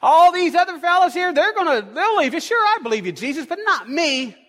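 A man's voice: very high voice, sing-song, fairly quick, fairly bright tone, voice pushed up, heavily acted. A man preaching a sermon briefly voices a boastful, overconfident male disciple in a brash, insistent way. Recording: long echo of a large hall.

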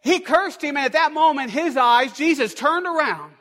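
A man's voice: very high voice, animated, moderate pace, a bit bright. A man preaching a sermon as pastor in a church, with an emphatic, repetitive cadence. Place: church sanctuary. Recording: long echo of a large hall.

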